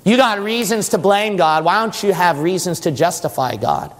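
Male preacher, high voice, emphatic delivery full of questions to the congregation, long hall reverb. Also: big pitch swings, normal speed. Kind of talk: sermon.

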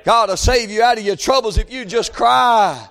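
A man preaching a fervent revival sermon, often shouting and drawing out his phrases. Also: very high voice, moderate pace, vocal fry.

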